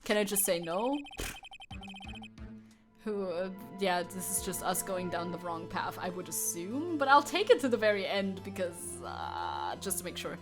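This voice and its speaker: A woman's voice: fairly low pitch, sing-song, unhurried. Woman streamer thinking aloud over game music. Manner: chatty, thinking aloud with self-corrections and laughs. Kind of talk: casual game-stream commentary.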